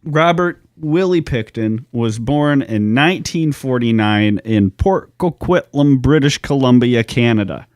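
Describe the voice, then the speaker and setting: A man's voice: mid-range voice, lively intonation, measured pace, hardly any pauses, darkish tone, dry recording. A man co-hosting a true-crime podcast, chatting casually with joking, profane banter. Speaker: podcast co-host. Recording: dry, close podcast recording.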